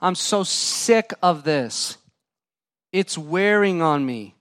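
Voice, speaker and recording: A man's voice: high voice, expressive, slow pace, fairly bright tone, dry recording, clean studio sound, full character voice. A man voicing a weary outcast man who pleads to be accepted again, tired and worn down.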